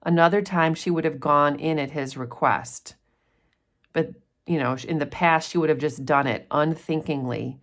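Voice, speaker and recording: A woman's voice: low-pitched, steady tone, normal speed. A woman walking through a novel's chapters like a teacher, chatting and explaining with frequent ums. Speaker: literature teacher. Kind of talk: casual chapter summary lesson.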